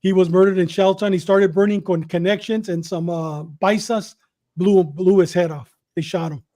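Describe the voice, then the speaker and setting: Man, middle-aged, high voice, animated storyteller, acts out quotes. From Southern California. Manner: quick, repetitive retelling with acted quotes. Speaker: podcast guest telling his story.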